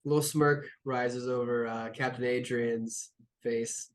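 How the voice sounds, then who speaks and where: A man's voice: medium pitch, fairly even intonation, unhurried. A man narrating as game master of a tabletop game, talking casually with lots of fillers and the odd swear word.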